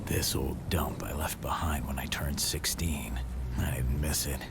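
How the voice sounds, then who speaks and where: A deep, gruff son. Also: male voice, fairly even intonation, measured pace, heavy background noise, full character voice. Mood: brooding. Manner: curt, swearing, whispered inner thoughts. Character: gruff adult male son, hard and guarded. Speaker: game character.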